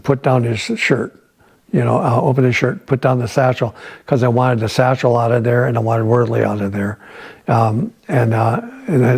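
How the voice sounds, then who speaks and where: An older man with a gravelly, husky voice tells a story from his war years in an interview. He talks in a halting way, restarting his sentences and repeating words as he works through the memory. His pitch sits in an ordinary middle range. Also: a little mellow. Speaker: veteran interviewee. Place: at home.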